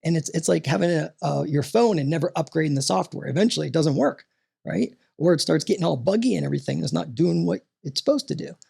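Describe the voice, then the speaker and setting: A man talking as a podcast guest and coach, animated and motivational, often tossing in "right?" as he talks. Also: a little high, fast, vocal fry, husky.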